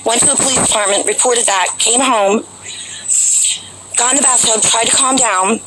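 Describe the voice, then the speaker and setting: A woman's voice: a little high, normal speed, noisy background. A woman vlogger telling a long personal story to her viewers in a rambling, chatty way, full of fillers, outdoors near a capitol building. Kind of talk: casual storytelling to camera.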